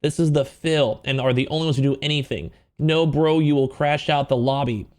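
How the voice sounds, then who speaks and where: A man's voice: fairly high pitch, steady tone, fairly quick, darkish tone. A man hosting casual drama commentary, talking in a rambling, emphatic way full of fillers.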